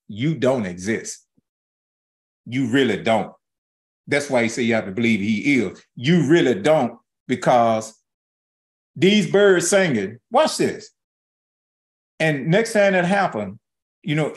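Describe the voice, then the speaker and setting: A middle-aged man preaching a sermon in a folksy, animated way, acting out quoted asides. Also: medium pitch. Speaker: pastor.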